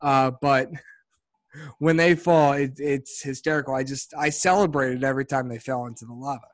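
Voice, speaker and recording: A man co-hosting a casual sports podcast, talking in an animated, rambling way and laughing often. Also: medium pitch, normal speed, no echo. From Philadelphia area. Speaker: podcast co-host.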